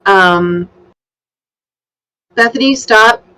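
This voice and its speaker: A woman's voice: mid-range voice, extremely slow, sharp tone, clean tone, rough recording. Blunt, swearing woman player. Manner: blunt, laughing, swears freely. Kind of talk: casual tabletop game play.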